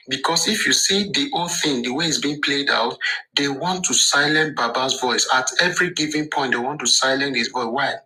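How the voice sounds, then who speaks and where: A man's voice: medium pitch, pushed and bright, low-quality recording. A man speaking on an online discussion panel, rhetorical, asking questions and answering them himself. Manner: rhetorical, asks and answers his own questions.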